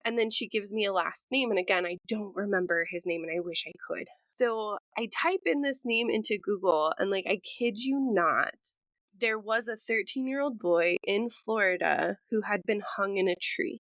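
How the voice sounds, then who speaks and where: A woman's voice: medium pitch, moderate pace, a bit bright, no room sound. A woman co-hosting a podcast, speaking sincerely and setting up a story with some background first. Her voice is recorded dry, close and a little muffled. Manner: earnest, explains ideas before telling her story. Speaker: podcast co-host. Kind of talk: casual storytelling chat.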